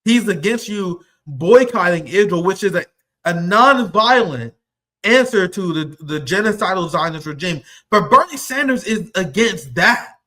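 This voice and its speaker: A man's voice: high-pitched, animated, a little slow, pushed and bright. A young man giving heated, profane political commentary, combative and mocking as he reacts to clips.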